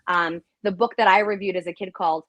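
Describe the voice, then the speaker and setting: A woman in her forties with a New York accent, a guest actress chatting in a lively, bubbly way and telling stories over a video call. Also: fairly low pitch, quick pace, dry recording. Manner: bubbly, chatty storyteller who mimics her own voice. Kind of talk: casual interview chat.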